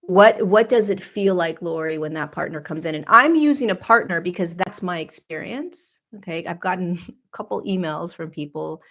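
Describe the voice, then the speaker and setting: A woman hosting a podcast, speaking in a low, gravelly voice. She tells a personal spiritual story in an earnest, confessional way, with plenty of vocal fry. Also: expressive, normal speed, few pauses. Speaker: podcast host.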